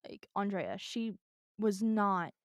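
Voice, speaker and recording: Earnest woman telling a dark story. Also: mid-range voice, lively intonation, slow, no room sound, lo-fi sound. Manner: earnest storyteller with casual swearing. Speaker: podcast co-host telling a true crime story. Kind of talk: casual chat reading from notes.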